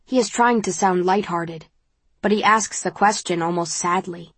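A woman reads a first-person novel aloud in a calm, measured manner. Her voice sits on the lower side. The recording is close and completely dry. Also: dry recording. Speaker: audiobook narrator.

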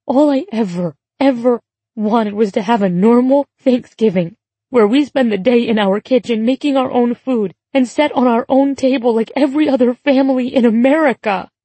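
A woman reading a story and voicing an upset, combative adult daughter who shouts and accuses. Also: lively intonation, normal speed, breathy edge, no room sound. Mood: tearful. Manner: shouting, accusing, pitch rising.

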